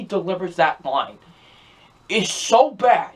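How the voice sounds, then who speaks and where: A man's voice: a little high, unhurried. A young man giving a ranting, repetitive movie review, sounding exasperated as he keeps circling back to the same complaints. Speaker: film reviewer.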